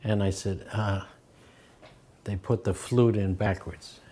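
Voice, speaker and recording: Pitched on the low side with a steady tone, the older man moves slowly through his remembered anecdotes. His voice stays mellow and dark as he mimics the people he quotes and lets out chuckles along the way.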